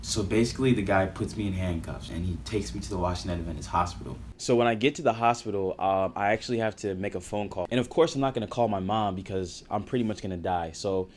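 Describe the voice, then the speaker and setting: A young man in his twenties tells a story straight to camera. His voice sits fairly low, and he keeps it animated, casual and full of slang. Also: quick pace, hardly any pauses, slight background noise. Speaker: vlogger.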